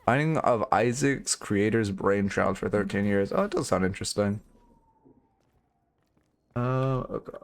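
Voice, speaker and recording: A man's voice: lowish voice, unhurried, pauses often. A young man streaming and coaching a game, rambling through frank, profane critique in casual commentary.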